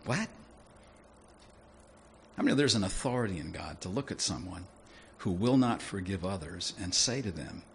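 A man preaching a sermon in a lively, conversational way, often asking his listeners questions. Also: low-pitched, normal speed, pauses often, slight background noise. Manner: animated, conversational, asks the audience questions.

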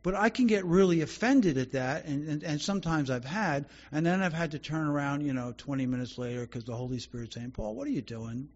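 Male pastor, sermon, earnest conversational delivery, husky tone, dull muffled recording. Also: fairly high pitch, brisk, few pauses. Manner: earnest, conversational, with frequent restarts.

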